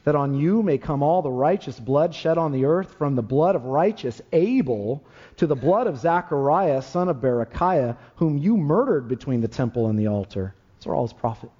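Impassioned male preacher, high animated voice. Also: normal speed, dull audio. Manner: impassioned, rising to emphatic peaks. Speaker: pastor. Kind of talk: sermon.

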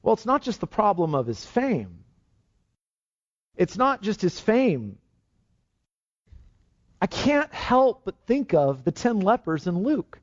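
A man's voice: high-pitched, very animated, slow pace, long pauses. A male pastor preaching a sermon in an earnest, emphatic way, often restarting his phrases, on a dull, lo-fi recording. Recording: dull lo-fi sound.

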